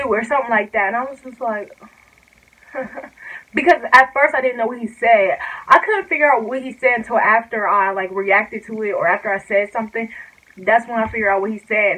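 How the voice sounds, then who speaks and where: A woman's voice: a little high, a bit bright, rough recording. Chatty young woman rambling through a story. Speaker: vlogger. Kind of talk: casual storytime vlog.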